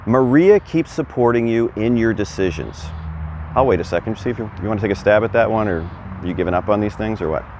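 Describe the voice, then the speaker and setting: A man's voice: lowish voice, expressive, fast talker, darkish tone, a little hiss or hum. A man giving a casual, chatty video lesson as a Spanish teacher, quizzing the viewer and encouraging them. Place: outdoors. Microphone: camera on a stand.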